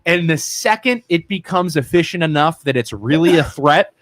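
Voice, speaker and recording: A man co-hosting a casual local talk radio show with an Ohio accent, animated and jumping into high mock voices. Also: normal speed, slight background noise. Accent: Northeast Ohio American. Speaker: co-host.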